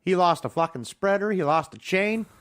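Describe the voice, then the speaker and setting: A man's voice: high-pitched, normal speed. A man hosting a podcast, chatting casually and telling a fishing story full of swearing. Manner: profane, animated storyteller. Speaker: podcast host.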